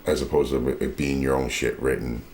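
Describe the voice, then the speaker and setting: A man with a Nova Scotian accent and a deep, bassy, raspy voice, chatting loosely as an interview guest. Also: fairly even intonation, fairly quick, darkish tone, slight background noise. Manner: laid-back, loose and rambling. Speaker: rapper and voice actor guest. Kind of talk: casual interview chat.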